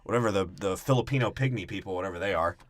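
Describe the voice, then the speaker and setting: A young man co-hosting a comedy podcast, breaking down a movie plot in crude, profane riffs and quick mocking impressions. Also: low-pitched, no echo. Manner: crude, profane, jokey, mimics characters in quick voices. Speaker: podcast co-host.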